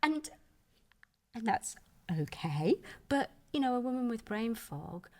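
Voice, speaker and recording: A woman's voice: a little high, big pitch swings, slow, dark tone. A woman speaking as a menopause expert guest on a podcast, earnest and reassuring, with plenty of "you know". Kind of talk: podcast conversation.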